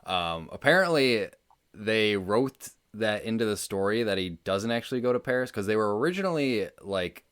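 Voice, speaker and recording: A man co-hosting a podcast, talking through a film in a relaxed, rambling way with plenty of fillers. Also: lowish voice, normal speed, smooth. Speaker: podcast co-host. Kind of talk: casual movie discussion.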